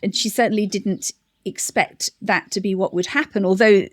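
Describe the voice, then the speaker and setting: A middle-aged woman giving a thoughtful interview answer, often restarting and laughing softly. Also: mid-range voice, steady tone, moderate pace, dry recording. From United Kingdom. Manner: reflective, many restarts and soft laughs. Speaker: interview guest, campaign director. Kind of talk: conversational interview.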